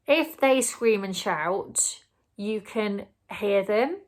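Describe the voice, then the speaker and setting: A woman's voice: medium pitch, expressive, extremely slow. A woman giving earnest, explanatory parenting advice to camera, sometimes acting out what a parent or child might say. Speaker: parenting vlogger.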